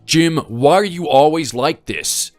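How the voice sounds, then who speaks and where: A man's voice: fairly high pitch, expressive, measured pace, faint music behind. A man voicing an exasperated son-in-law in a voice-acted text story, speaking bluntly and scolding. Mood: angry.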